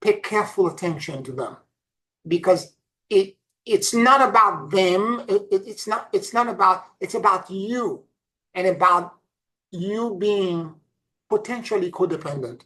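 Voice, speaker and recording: An earnest woman gives a casual spiritual talk as if chatting with listeners. She tells her stories by circling back and repeating key points. Her delivery shifts between soft, low asides and sudden emphatic lifts. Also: unhurried, poor audio. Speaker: spiritual teacher.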